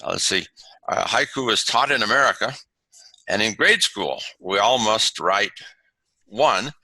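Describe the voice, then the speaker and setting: A man presenting a lesson over a video call, teaching from slides and pausing often with fillers and restarts. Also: on the low side, lively intonation, pushed and bright, no room sound, poor audio. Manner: halting, many fillers and restarts. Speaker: webinar presenter on haiku.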